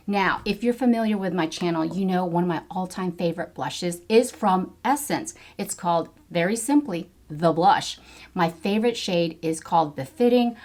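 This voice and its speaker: Chatty woman reviewing makeup. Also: fairly low pitch. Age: middle-aged. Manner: chatty, enthusiastic product reviewing. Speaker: beauty vlogger. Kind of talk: makeup tutorial.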